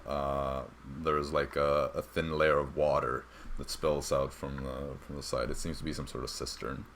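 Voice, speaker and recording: A young man narrating as dungeon master, rambling and halting with many fillers. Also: rumbling low, a bit bright, slight background noise. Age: young adult. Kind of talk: narrating a tabletop game.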